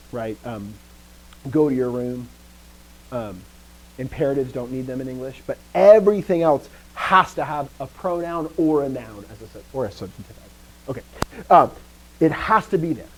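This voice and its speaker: A man's voice: medium pitch, rough recording. Man teaching Greek to a class. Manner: lively, asks the class questions, often quiet and trailing off. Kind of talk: classroom lecture.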